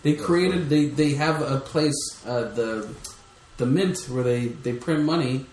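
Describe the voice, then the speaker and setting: A man's voice: medium pitch, measured pace, a little mellow. Opinionated man ranting in casual podcast chat. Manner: swearing, rambling opinionated rants. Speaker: podcast co-host. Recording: echoey room with faint background noise.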